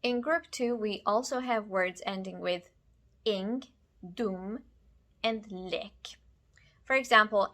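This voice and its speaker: A woman teaching a language lesson, explaining grammar rules in a clear, deliberate way. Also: medium pitch, pushed and bright. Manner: clear, deliberate, spelling out endings. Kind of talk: slow scripted lesson.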